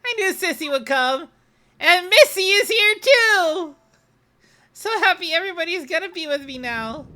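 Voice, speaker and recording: A woman's voice: very high voice, expressive, normal speed, pushed and bright, pitched above the performer's own voice, exaggerated voice. A woman voicing a sweet, trusting young girl in a video game, childlike and chirpy. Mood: happy.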